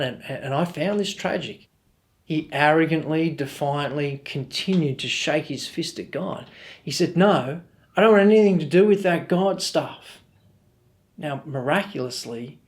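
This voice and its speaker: A middle-aged man with an Australian accent, preaching a sermon in an earnest, storytelling way. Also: fairly high pitch. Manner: earnest, storytelling with quoted voices. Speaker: pastor.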